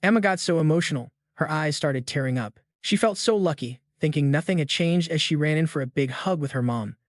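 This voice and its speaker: A man's voice: on the high side, a little fast, no echo, studio quality. A man narrating a story recap in a casual, slangy style, talking straight to his listeners. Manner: chatty, slangy, addresses the audience directly.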